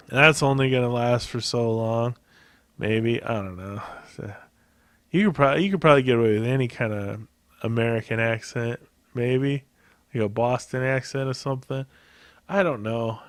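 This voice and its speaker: A man's voice: medium pitch, moderate pace, no room sound, clean studio sound. A man hosting a podcast solo, rambling in a casual, profane way and laughing at his own jokes. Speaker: podcast host.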